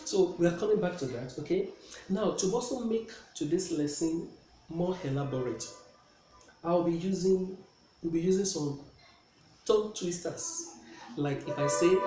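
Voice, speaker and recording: Man, a bit high-pitched and mellow, teaching pronunciation in a roomy, echoey space. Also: normal speed, pauses often, soft background music. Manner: checks in often with "okay?". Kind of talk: classroom pronunciation lesson. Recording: echoey room with faint noise.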